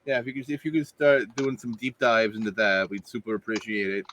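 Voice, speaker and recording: A man playing his character in a tabletop game, friendly and halting with repeated restarts. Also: fairly low pitch, little pitch movement, fairly bright tone, a little hiss or hum. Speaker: player. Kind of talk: in-character tabletop role-play.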